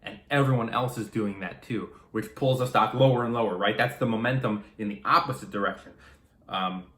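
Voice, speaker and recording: A man, a day trader, casually explaining to camera how stocks rise and fall, animated and acting out a trader's thoughts, with some swearing. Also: on the low side, a little fast, echoey room.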